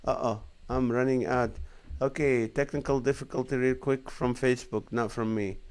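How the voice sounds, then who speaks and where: A man in his forties hosts a relaxed live stream as a comedian, reading viewers' comments out loud and laughing along with their jokes. His voice is smooth and clear, sitting at an ordinary middle pitch. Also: moderate pace. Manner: jokey, reads comments aloud and laughs along. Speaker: comedian and show host.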